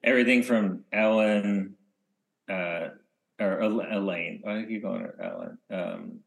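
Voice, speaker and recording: A man co-hosting a podcast in casual chat, rambling and often trailing off into quiet mumbles. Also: fairly low pitch, fairly even intonation, measured pace, creaky. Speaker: podcast co-host.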